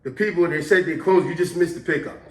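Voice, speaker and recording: A man playing a radio dispatcher, loud, flat and matter-of-fact. The lines ring out in an echoey room. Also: a little high, fast, lightly acted. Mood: businesslike.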